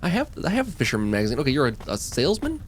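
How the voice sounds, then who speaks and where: A man hosts a game playthrough, rambling and musing aloud in a lively voice that rises and falls a lot. Game music plays clearly under his talk. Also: medium pitch, rapid-fire. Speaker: gameplay host. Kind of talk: casual let's-play commentary.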